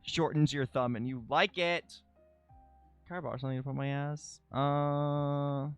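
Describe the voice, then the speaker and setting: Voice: medium pitch, fairly even intonation, a little slow, smooth, lo-fi sound, soft background music. A live streamer chatting casually while drawing, dramatic and self-critical, who swears freely.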